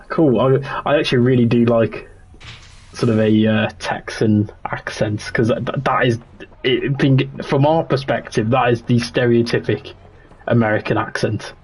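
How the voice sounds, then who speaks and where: A man's voice: mid-range voice, steady tone, measured pace, darkish tone, breathy edge. A young man, chatting casually and rambling on a livestream while he plays a game, laughing often and restarting his sentences. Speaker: streamer.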